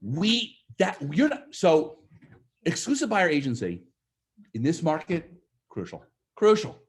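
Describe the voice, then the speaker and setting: A man in the middle of a live seminar, talking in a fairly high voice that swings up and down as he makes his points. He throws questions at the room and slips into the voices of the clients he quotes. His delivery is energetic and full of push. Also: unhurried. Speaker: real estate sales trainer. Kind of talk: live seminar talk to an audience.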